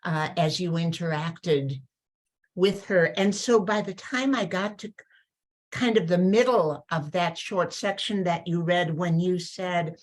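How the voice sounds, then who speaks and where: A woman on a panel responding thoughtfully and in a measured way to a reading. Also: fairly low pitch. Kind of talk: panel discussion.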